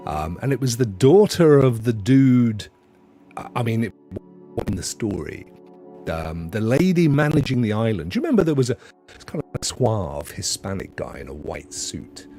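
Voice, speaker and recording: A man's voice: medium pitch, big pitch swings, moderate pace, dark tone, soft background music. A middle-aged man hosting a casual livestream, rambling through jokey chat and talking straight to his viewers. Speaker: livestream host.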